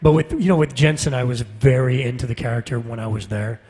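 A man with a slightly husky, mid-range voice answers fan questions on stage, relaxed and quick to laugh. His words ring out with the long reverb of a large convention hall. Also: mid-range voice. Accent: Canadian. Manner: laughs often, relaxed and self-deprecating. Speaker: voice actor guest on a convention panel. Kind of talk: casual panel Q&A.

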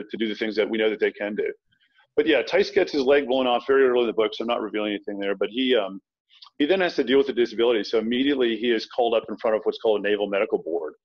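Quick, restart-prone man on a lo-fi line. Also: mid-range voice. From Virginia. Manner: quick, anecdotal, frequent restarts. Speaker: author guest. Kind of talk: casual interview chat. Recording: dull lo-fi sound.

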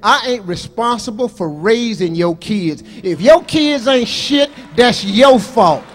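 A middle-aged man from Chicago works a casino stage with loud, profane stand-up. He needles the crowd head-on in a high-pitched voice, with a faint noise running under it. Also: expressive, slow. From Chicago, Illinois. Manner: brash, profane, confrontational with the crowd. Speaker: stand-up comedian. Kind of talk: live stand-up comedy. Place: live show stage in a casino venue.

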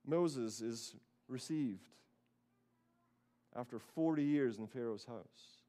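A man pastor delivers a Sunday sermon in a church sanctuary. He tells the story with a storyteller's energy and lively, acted-out voices, at a medium pitch. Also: slow pace, pauses often.

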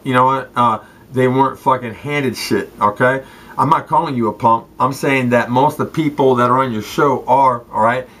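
A man's voice: mid-range voice, fairly bright tone, low-quality recording. A man from Southern California, a former football player, ranting to the camera in a rambling, profane way, full of street slang and calling out people by name. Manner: street slang, addresses people directly, repeats "straight up" and "okay".

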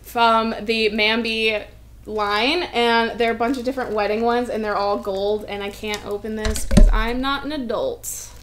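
A young woman vlogging as she opens fan mail, bubbly and gushing, full of excited little asides. Her voice sits a bit high for a woman. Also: measured pace, a little hiss or hum. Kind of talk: casual mail-opening vlog.

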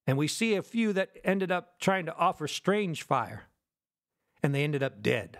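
Slow gravelly man preaching a fervent sermon. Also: a little high, very animated. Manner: fervent preaching, swings between loud and hushed; asks the audience rhetorical questions.

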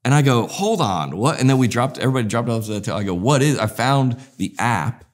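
A comedian as interview guest, talking in a rambling, animated way and acting out voices in his stories. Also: mid-range voice, fast talker. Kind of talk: casual interview storytelling.

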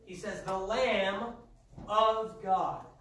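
High-voiced man preaching in echoey church. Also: drawn-out words, far from the mic, a little hiss or hum. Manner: emphatic preaching, rising to shouts. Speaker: pastor. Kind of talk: sermon. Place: church sanctuary. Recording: echoey church heard from afar.

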